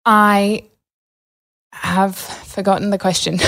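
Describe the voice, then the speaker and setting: A young adult woman, a podcast guest, talking candidly in a rambling, chatty way full of fillers. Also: fairly low pitch. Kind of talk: casual candid interview.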